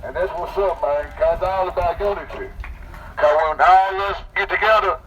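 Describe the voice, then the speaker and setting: A man's voice: sits high, normal speed, fairly bright tone. Man addressing a street crowd. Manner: friendly, plain-spoken address to a crowd. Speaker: protest organizer. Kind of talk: speech to a crowd. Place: outdoor street protest. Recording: distant mic with street noise.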